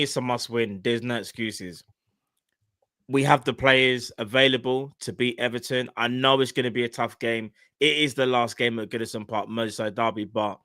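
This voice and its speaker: Bright-voiced young man talking football. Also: medium pitch, no room sound, clean studio sound. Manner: animated, teasing, emphatic. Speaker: co-host. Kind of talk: casual football chat.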